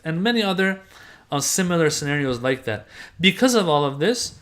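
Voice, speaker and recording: A man with a medium-pitched, fairly bright voice teaches religious doctrine to a class. He reads passages aloud and explains them conversationally, using everyday examples.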